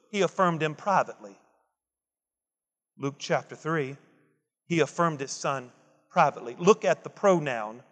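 A man's voice: on the high side, fairly bright tone, in a large hall. A man preaching a Father's Day sermon, emphatic and repetitive, building intensity as he quotes scripture. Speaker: pastor.

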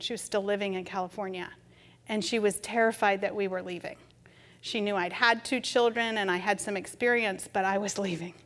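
A middle-aged woman preacher telling a story in a gentle, conversational sermon. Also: medium pitch. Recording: reverberant hall.

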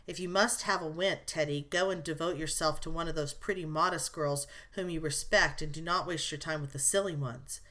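A woman reading the lines of a spirited young woman who scolds briskly and comforts her sister tenderly, in an audiobook. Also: lowish voice, fairly bright tone, lightly acted.

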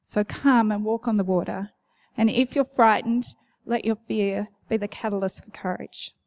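A woman church leader giving a gentle, encouraging exhortation to a congregation. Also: mid-range voice, steady tone, moderate pace. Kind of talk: sermon exhortation.

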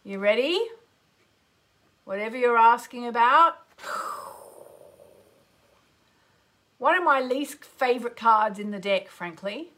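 A woman's voice: animated, normal speed, bright, forceful tone. A woman hosting a live astrology and card-reading radio show, chatty and gushing, greeting listeners by name and breaking into exclamations. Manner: exclamatory, with sudden upward leaps in pitch. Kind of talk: live radio call-in chat.

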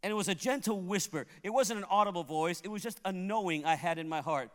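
A man's voice: high voice, fast talker. A man preaching a sermon as pastor, telling funny stories and laughing at them, in a church sanctuary. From Puerto Rico. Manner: humorous storytelling, laughs at his own tales. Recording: long hall reverb.

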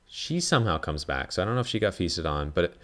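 A man's voice: sits low, sing-song, fast talker, a bit bright. A man hosting a podcast, giving a casual, rambling film review full of "like" and frequent swearing. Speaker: podcast host.

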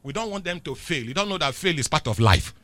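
A middle-aged Nigerian man preaching a sermon, swinging between loud declarations and quiet asides. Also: on the high side, animated, fast talker.

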